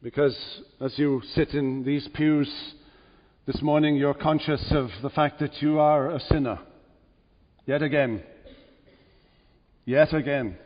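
Slow, deliberate male preacher in a reverberant church. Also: on the high side. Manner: slow, deliberate preaching that swells to emphatic peaks. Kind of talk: sermon. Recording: dull church recording with long reverb.

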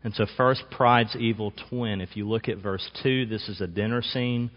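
A man with a fairly low voice delivers a sermon, measured and emphatic, leaning hard on key words. The sound is a bit dull and muffled, with long reverb trailing behind him. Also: steady tone. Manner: measured, emphatic preaching with slow stressed phrases. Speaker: pastor.

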